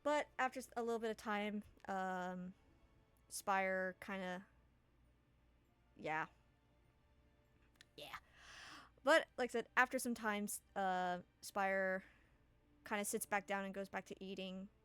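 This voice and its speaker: A woman's voice: medium pitch, takes it slowly, pauses often, fairly bright tone, clear, resonant tone. A woman game master narrating a tabletop game in a casual, rambling way with many fillers.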